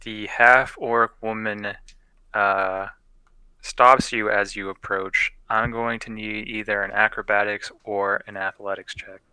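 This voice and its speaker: A man's voice: fairly low pitch, steady tone, unhurried, sharp tone, smooth, dry recording, rough recording. A young man casually narrating as game master of a tabletop game, loose and profane, often laughing.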